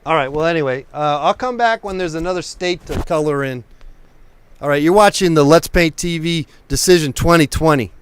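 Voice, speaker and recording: A man hosting a live painting stream, talking in a loose, rambling way and tripping over words after a few drinks. His voice sits a little high and comes through smooth and resonant in a dry, close sound. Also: fairly quick, no room sound. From Oakland, California. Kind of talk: casual live-stream chat.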